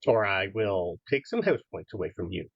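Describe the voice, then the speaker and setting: A man voicing a tiny, stern, elderly male wizard professor who booms out commands in a tabletop game. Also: animated, moderate pace, creaky, breathy edge, dry recording, highs cut off, heavily acted. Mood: stern, booming. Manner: booming commands.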